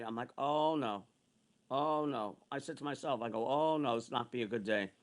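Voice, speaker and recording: A man's voice: mid-range voice, animated, moderate pace. A man in his sixties ranting angrily and repetitively, cursing often and repeating himself as he tells a grievance. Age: 60s. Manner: heated, repetitive, profane ranting. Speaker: online streamer. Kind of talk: angry ranting monologue.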